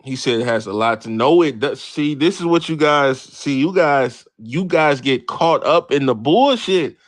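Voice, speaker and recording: A man with a fairly high voice speaks at a measured pace in a dry, studio-quality recording. Hosting a late-night sports livestream, he banters brashly and animatedly with his chat, reading and answering messages and cursing freely.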